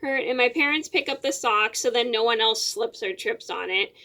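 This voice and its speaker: A woman's voice: fairly high pitch, moderate pace, pushed and bright. A young adult woman vlogger telling a personal story in a casual, rambling way, with lots of fillers and repeated words.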